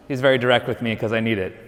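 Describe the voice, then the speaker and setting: Priest preaching in a reverberant church. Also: male voice, medium pitch, fairly bright tone, slight background noise. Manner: conversational, lightly joking storytelling. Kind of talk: sermon.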